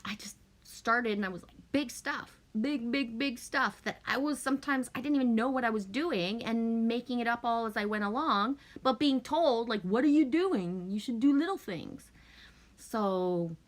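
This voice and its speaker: A woman's voice: on the high side, normal speed, few pauses. Casting note: woman streamer, casual, profane, emphatic, rambling delivery. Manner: swears often, emphatic, rambling. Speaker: livestream host. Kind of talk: casual venting to chat.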